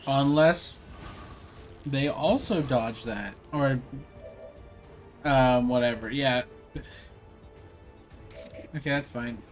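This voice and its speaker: A man's voice: mid-range voice, extremely slow, pauses often, faint music behind. Rambling young man playing a game. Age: young adult. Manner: rambling, lots of fillers and slang. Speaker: gameplay streamer. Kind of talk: casual gameplay commentary.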